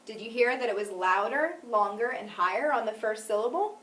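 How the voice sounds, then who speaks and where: Lively-voiced woman teaching phonics. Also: fairly high pitch. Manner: clear deliberate teaching, stresses example words. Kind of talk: phonics lesson. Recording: echoey room, mic at a distance.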